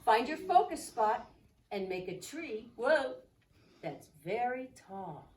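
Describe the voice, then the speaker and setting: A woman's voice: fairly high pitch, big pitch swings, slow, a little mellow. A woman teaching a children's yoga class, giving playful, coaxing instructions with bits of sing-song. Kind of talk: guided children's movement class. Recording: echoey room, mic at a distance.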